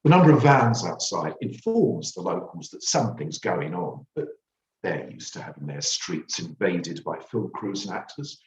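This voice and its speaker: Brief: male author reading his book, low voice with lively pitch, wry and theatrical, roomy sound. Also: moderate pace. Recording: roomy, distant mic.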